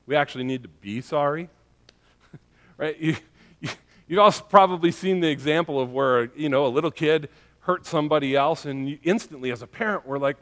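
A man's voice: fairly high pitch, expressive, normal speed. A male pastor preaching a sermon in a conversational way, often checking in with his listeners by asking "right?" and "okay?".

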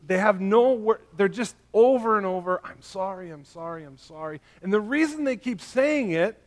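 Conversational preacher, fairly high male voice. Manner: conversational, checks in with "right?" and "okay?". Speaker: pastor. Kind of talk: sermon.

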